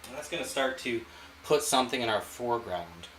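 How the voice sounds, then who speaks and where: A man hosting an art channel, walking through a painting demonstration in a relaxed way and thinking aloud as he works. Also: medium pitch, brisk, echoey room, a little hiss or hum, low-quality recording. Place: home art studio.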